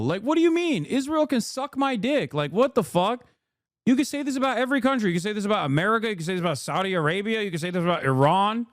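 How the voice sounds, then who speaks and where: Angry profane man ranting, high voice. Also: no echo, clean studio sound. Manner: heated, profane, shouting bursts. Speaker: political commentary streamer.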